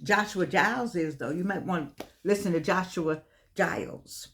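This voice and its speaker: A woman's voice: fairly low pitch, moderate pace, fairly bright tone. An older woman, giving an impassioned, preachy vlog monologue and repeating phrases for stress. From United States. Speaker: vlogger.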